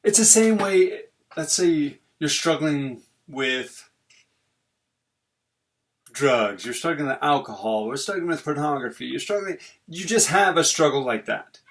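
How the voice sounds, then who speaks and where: A middle-aged man talks about parenting in an earnest, conversational way, slightly higher-pitched than most men. He is a family therapist and often repeats a phrase to drive the point home. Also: fairly bright tone. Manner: earnest, conversational, leans on repetition. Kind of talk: informal talk on parenting.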